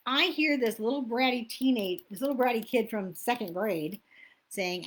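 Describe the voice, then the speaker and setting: A woman's voice: fairly high pitch, expressive, moderate pace. A middle-aged woman coaching self-help in a casual teaching talk, chatty and laughing at herself when she loses her place.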